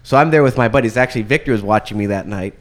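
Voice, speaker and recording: A man in casual conversation, telling a personal story in an animated way and laughing often. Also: fairly low pitch, very fast. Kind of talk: casual chat.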